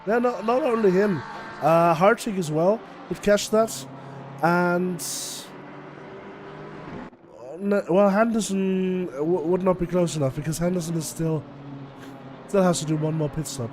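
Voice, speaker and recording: A high-voiced man calls a sim race live, breaking down lap times and strategy in a chatty, analytical way. He laughs easily along the way. Loud race car noise runs behind him. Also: measured pace, long pauses. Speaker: race commentator. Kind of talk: live sim racing commentary.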